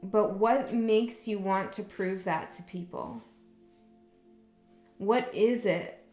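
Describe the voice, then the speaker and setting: A woman's voice: medium pitch, takes it slowly, a little mellow. A woman giving a casual spoken tarot reading, talking frankly and often checking in with the listener. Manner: chatty, frank, checks in with "okay?". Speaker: tarot reader. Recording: roomy echo, faint music.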